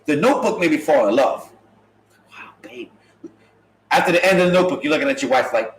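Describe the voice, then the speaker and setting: A man's voice: a little high, expressive, brisk, pauses often, roomy sound, a little hiss or hum, poor audio. A man telling funny stories in a casual talk show, joking and acting out the voices of people he quotes. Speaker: podcast host. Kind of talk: casual comedic storytelling.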